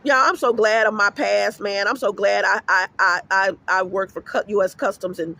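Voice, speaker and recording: In a gravelly, bright voice that sits high, a middle-aged man speaks at normal speed with fairly even intonation and a forceful tone. He's vlogging outdoors at an apartment complex, ranting casually through a rambling, emphatic story laced with curses.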